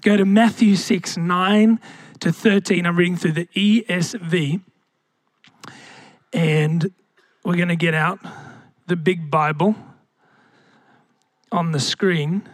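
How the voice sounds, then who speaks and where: A young man preaches to his congregation, his voice sitting high for a man. He takes his time, leaning on rhetorical questions and calling the church to answer back. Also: fairly even intonation, takes it slowly, pauses often, no room sound, clean studio sound. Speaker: pastor. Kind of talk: sermon.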